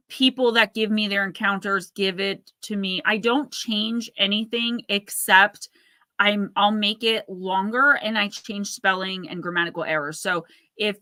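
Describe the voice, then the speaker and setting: A woman's voice: medium pitch, pushed and bright, no echo. A woman in her thirties hosting a casual livestream, rambling and chatty as she reads out viewer comments. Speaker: livestream host.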